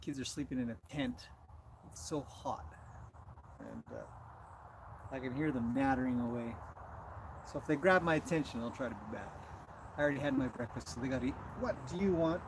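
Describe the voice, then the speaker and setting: A man's voice: mid-range voice, very animated, a little fast, long pauses, background noise. A man hosting a casual livestream outdoors beside a horse, chatting loosely and talking to his animals between thoughts. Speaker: horse trainer livestream host.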